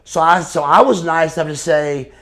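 With a gravelly voice of fairly high pitch and a bit of brightness, this man in his forties speaks at a moderate pace. He's an ex-pro wrestler in an interview, casually telling blunt, profane stories and addressing the listener as brother.

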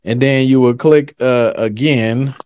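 A livestream host shares his screen for a tutorial, hyping his method in slangy salesman patter and talking right to viewers, often calling them "guys". His mid-range voice is clear, resonant and a little mellow, with fairly even intonation and a measured pace.

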